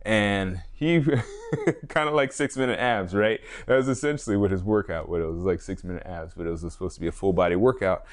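A man with a fairly low voice talks through his solo podcast in a loose, rambling way. He restarts sentences, corrects himself and chuckles as he goes. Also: brisk. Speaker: podcast host, fitness trainer. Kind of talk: casual solo podcast monologue.

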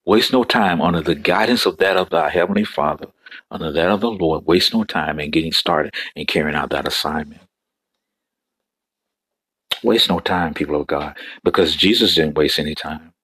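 A man's voice: very deep voice, normal speed, fairly bright tone, slightly rough, no room sound. A male preacher delivering a fervent sermon, repeating phrases and breaking into exclamations.

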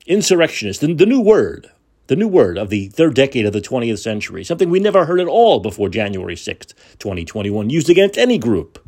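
A man's voice: mid-range voice, big pitch swings, brisk, darkish tone. A man hosting a podcast, delivering an angry, profane, sarcastic political rant and repeating words for emphasis. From United States. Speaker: podcast host.

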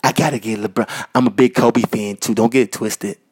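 A man from Minnesota hosting a podcast, talking casually and giving loud, repetitive shout-outs full of slang. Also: lowish voice, steady tone, fairly quick, breathy edge. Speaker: podcast host. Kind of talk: casual solo podcast monologue. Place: North Minneapolis.

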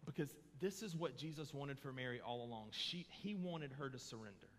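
A man's voice: medium pitch, lively intonation, a little fast. A man preaching a sermon in a church, moving from casual asides to impassioned emphasis. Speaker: pastor. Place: church sanctuary. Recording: long hall reverb.

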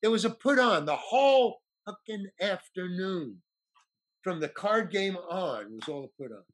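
Husky guy spinning a story, voice jumping all over, kinda high. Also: a little slow. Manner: animated, acts out quoted voices. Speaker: storyteller guest. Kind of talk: casual anecdote.

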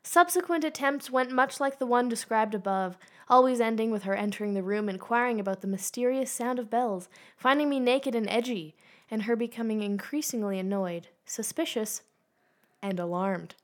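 Young woman podcast host, kinda high voice, reads stuff out loud, dry little jokes, giggles. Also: normal speed. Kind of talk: casual podcast chat, reading a review aloud.

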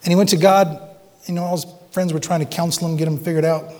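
A pastor delivers a sermon in a somewhat high voice, earnest and dramatic. He reads a story aloud, sometimes falling to a hush. His words ring with the long reverb of a church sanctuary. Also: steady tone. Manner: earnest, dramatic readings with hushed pauses.

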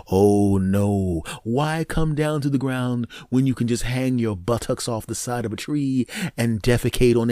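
A male podcast host tells a comic story as a jokey solo monologue. His delivery is animated, with his pitch swinging up and down as he goes. The recording is dry and close, with no room sound. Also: dry recording.

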